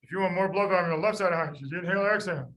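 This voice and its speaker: A man tutoring medical students in a lively class, quizzing them by name and repeating the key points. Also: sits high, racing, low-quality recording. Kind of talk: lively classroom teaching with drills.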